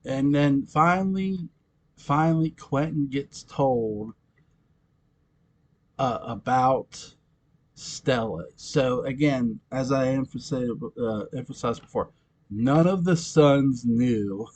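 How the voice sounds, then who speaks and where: Slow and medium-pitched, this man chats casually as a fan recapping a TV episode. He rambles, laughs a lot, and keeps correcting himself.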